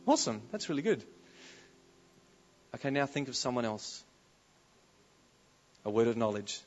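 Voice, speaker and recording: A man preaching at a conference, animated, shifting from quiet storytelling to loud declarations. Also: medium pitch, normal speed. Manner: animated, swings from soft to loud exclamations. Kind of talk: conference sermon. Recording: slightly dull live recording.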